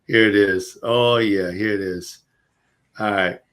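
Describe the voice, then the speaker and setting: A man co-hosting a casual talk show, telling an animated story and reading messages aloud. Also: on the low side, slow pace. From Florida. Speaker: co-host.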